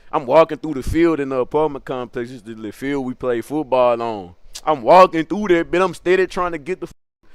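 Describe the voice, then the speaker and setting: A man's voice: on the high side, clear, resonant tone, no echo, studio quality. Young man telling a crude hood story. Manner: animated, laughs often, crude slang. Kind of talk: casual comic storytelling.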